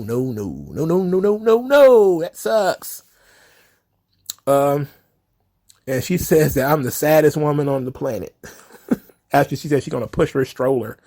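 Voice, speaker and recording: Brief: male solo commentator, blunt and sarcastic, swears freely, middle pitch, conversational delivery. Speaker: wrestling commentary podcaster.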